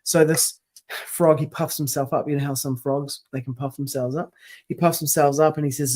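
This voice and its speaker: Guy cohosting a podcast, chatty rambling storyteller, voice on the high side. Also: fairly even intonation, moderate pace, darkish tone. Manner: rambling storyteller, acts out quotes. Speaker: podcast co-host. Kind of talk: casual chat.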